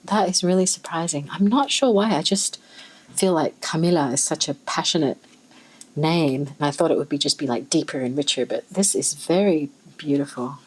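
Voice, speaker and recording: A woman with an Australian accent, chatting casually and thinking aloud as she swatches fountain pen inks, with soft musing exclamations. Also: deep voice, normal speed, husky, poor audio. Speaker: ink swatching vlogger. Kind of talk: casual chat while swatching.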